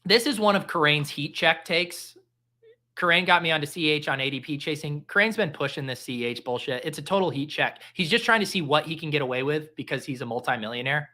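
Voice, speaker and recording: A man hosting a casual fantasy football draft stream, rambling through picks and viewer votes. His voice is bright and forward, and his jokes are self-deprecating. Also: fairly high pitch, brisk.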